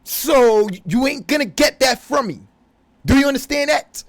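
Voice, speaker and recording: A man's voice: very high-pitched, expressive, normal speed. A man delivering a profane, confrontational religious rant as a vlogger. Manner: profane, aggressive, preachy.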